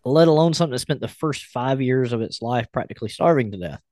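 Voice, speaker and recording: A man's voice: mid-range voice, lively intonation, fast talker, darkish tone, dry recording, studio quality. A man hosting a podcast, chatting casually and reading a post aloud with blunt, wry remarks. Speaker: podcast host.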